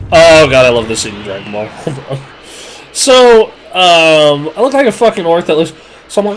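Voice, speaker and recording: A man's voice: on the high side, expressive, normal speed. A man in his twenties telling a crude, self-mocking story on a live stream, full of fillers and rambling asides.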